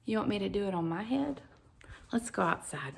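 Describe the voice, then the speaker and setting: A woman's voice: medium pitch, fairly quick, vocal fry, slight background noise. Lady doing a kids craft lesson, bouncy voice, faint outdoor sounds. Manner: animated, talks straight to kids. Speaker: children's teacher. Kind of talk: children's activity lesson.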